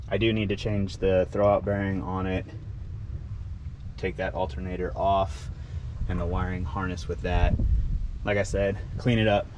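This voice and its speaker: A young man with a fairly low voice talks through his work in a home garage, easygoing and rambling, with plenty of ums. A faint hum of background noise and vehicles sits under his voice. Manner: laid-back, rambling with fillers. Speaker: home mechanic vlogger. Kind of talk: casual vlog narration. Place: home garage, indoors and driveway.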